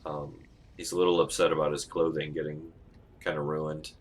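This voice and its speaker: A man narrating as game master of a tabletop game, relaxed and laughing often, with many ums. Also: extremely low pitch, moderate pace, a little hiss or hum.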